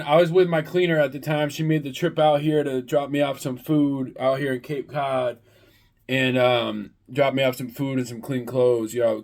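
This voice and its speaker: A man's voice: mid-range voice, a little mellow. A man who owns a landscaping business, ranting bluntly and profanely in a vlog, preaching to his viewers. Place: hotel room.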